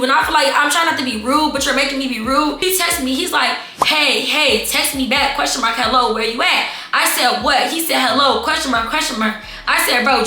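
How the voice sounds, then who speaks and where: A young adult woman telling a casual storytime vlog, animated and talking straight to her viewers as y'all and baby. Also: high-pitched, roomy sound. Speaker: storytime vlogger.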